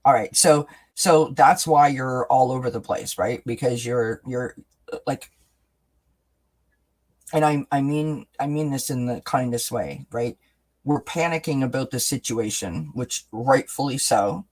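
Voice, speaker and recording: A man hosts a live spiritual card reading and responds to viewers' messages as they arrive. His delivery is gentle, chatty and reassuring. He keeps checking in with the audience through little tags like "right?" and "you know.". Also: mid-range voice, a little slow. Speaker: oracle card reader and host. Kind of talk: live-stream spiritual reading, answering chat.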